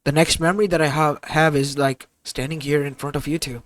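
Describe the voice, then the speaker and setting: A man voicing a gentle, confused young male titan in an improvised fan-fiction audio story, with a hesitant, stammering delivery. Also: a little high, fairly even intonation, fairly quick, lightly acted. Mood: earnest.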